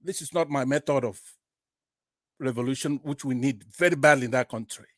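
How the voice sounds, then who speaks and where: A man's voice: medium pitch, no room sound. Impassioned Nigerian man on a dry line. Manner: builds from quiet halting starts to loud indignant bursts, quoting scripture. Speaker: caller on a live online talk broadcast. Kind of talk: impassioned political call-in speech.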